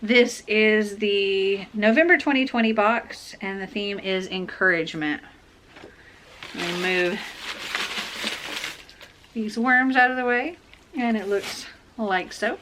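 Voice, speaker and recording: A woman with a bright, forceful voice talks through a book unboxing in a casual, chatty way. She gets excitable and gushes over each thing she pulls out. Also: medium pitch, a little slow, a little hiss or hum. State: has the hiccups.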